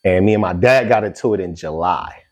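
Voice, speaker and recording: A man's voice: sits low, a little fast. A middle-aged man hosting a casual podcast chat, telling stories freely with plenty of swearing. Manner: animated storytelling, swears freely. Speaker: podcast host.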